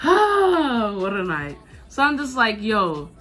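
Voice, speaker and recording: A 19-year-old woman vlogger telling a casual, slangy storytime, animated and laughing as she goes. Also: on the high side, takes it slowly, soft background music.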